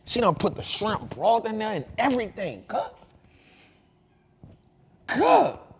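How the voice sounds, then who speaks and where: Male host, 30s, casual storyteller, raised pitch, very lively delivery. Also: slow, vocal fry, breathy edge. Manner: animated, slangy, shifts from loud to hushed.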